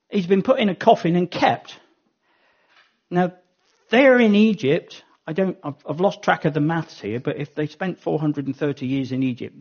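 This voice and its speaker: A man with a fairly high, darkish voice gives a Bible teaching talk, thinking aloud as he goes. Ums and self-corrections come often, and the lo-fi recording is dull.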